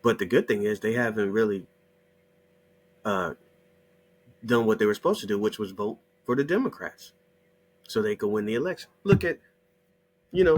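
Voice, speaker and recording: Husky man ranting, swearing. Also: a little high. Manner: heated, mocking, swears constantly. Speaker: channel host. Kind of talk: profane ranting monologue.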